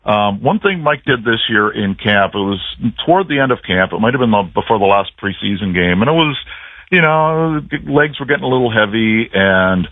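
A man's voice: fairly low pitch, animated, moderate pace, no room sound. Man on a tinny phone line. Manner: rambling storyteller, dry self-mocking humor. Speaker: team play-by-play broadcaster on a call-in guest spot. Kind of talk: casual radio chat.

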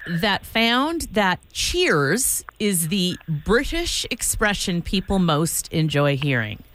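Female morning host, playful and chatty, expressive pitch. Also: slow pace. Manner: playful, giggly, trying out phrases. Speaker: radio morning show host. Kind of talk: casual radio chat.

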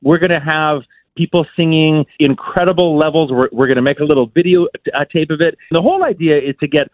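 A man's voice: a little high, fast talker, dry recording. A man from Saskatchewan, a local musician, chatting as a guest on a radio show, talkative and enthusiastic with lots of "you know" fillers. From Saskatchewan, Canada. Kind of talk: casual radio interview chat. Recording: tinny phone line.

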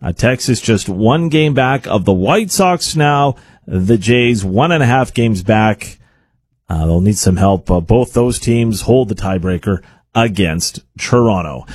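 A man hosting an afternoon radio show, giving a sports update in a relaxed, conversational way. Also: mid-range voice, dry recording. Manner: conversational, relaxed delivery with filler "uh"s.

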